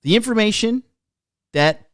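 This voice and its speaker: A man's voice: high voice, expressive, measured pace, no echo, clean studio sound. A man hosting a podcast, delivering a blunt, profane, mocking rant. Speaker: podcast host. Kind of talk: ranting monologue.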